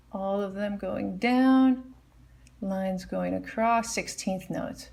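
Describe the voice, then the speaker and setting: A woman's voice: mid-range voice, slow, gravelly. A woman teaching a casual music lesson at the piano, explaining notation and singing melody lines on "da". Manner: hums and scats melody lines while explaining.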